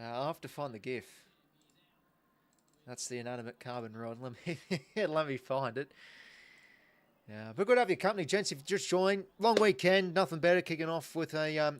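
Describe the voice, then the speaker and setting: An Australian man in his younger years hosts a live football watch-along stream. His talk is relaxed and chatty, full of small restarts as he thanks viewers. His voice sits at an ordinary middle pitch. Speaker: livestream host.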